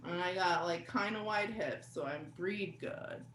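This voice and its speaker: A woman doing a stand-up comedy set, talking conversationally and swearing, with sudden loud outbursts. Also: fairly low pitch, measured pace. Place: comedy venue with live audience. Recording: echoey room, faint background noise.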